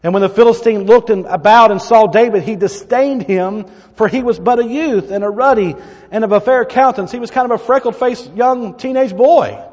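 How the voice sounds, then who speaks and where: A man's voice: extremely high pitch, a little mellow, big-room sound. A man preaching a sermon, reading Bible verses dramatically and adding asides to the congregation. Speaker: pastor.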